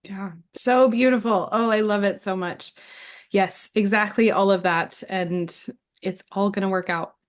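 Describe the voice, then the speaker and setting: A woman's voice: mid-range voice, fairly even intonation, unhurried. A woman hosting a casual conversation, answering with short, affirming replies. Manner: warmly affirming, brief responses. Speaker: host.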